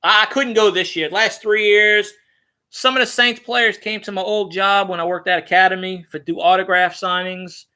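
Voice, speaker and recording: A man rambling in a casual, profane, excitable monologue as a sports-fan vlogger. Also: high voice, normal speed, clear, resonant tone.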